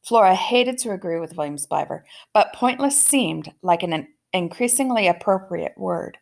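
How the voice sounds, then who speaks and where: A woman reading a children's novel aloud in a gentle, measured storytelling manner. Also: on the low side, animated, creaky.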